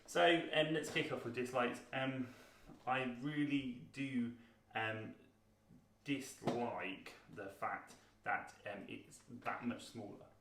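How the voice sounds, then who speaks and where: A British man in his thirties co-hosting a board game review, talking casually with frequent pauses and fillers. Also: mid-range voice, steady tone, background noise. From Britain. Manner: chatty, hesitant, lots of ums. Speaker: board game channel co-host. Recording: roomy sound, mic at a distance.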